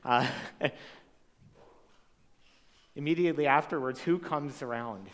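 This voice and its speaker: Conversational pastor preaching in a reverberant hall. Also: male voice, medium pitch, takes it slowly. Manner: conversational, asks the audience rhetorical questions. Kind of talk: sermon. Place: church hall with a live congregation. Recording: long reverb of a large hall.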